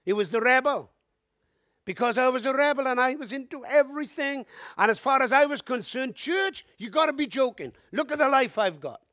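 Guy preaching his testimony, pretty high voice, dry close sound, gets loud and pleading. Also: fairly quick, dry recording. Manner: animated storytelling, building to emphatic exhortation. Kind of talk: sermon testimony.

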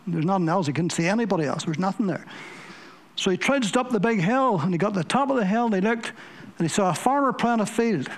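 High-voiced preacher man. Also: animated, fast talker. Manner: vivid storytelling with emphatic repetition. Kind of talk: sermon.

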